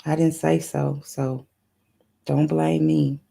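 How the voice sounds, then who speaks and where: A woman's voice: sits low, level tone, slow, gravelly, warm tone. A woman hosting a live motivational affirmation stream, repeating phrases in a preacher-like call-and-response. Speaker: motivational talk show host.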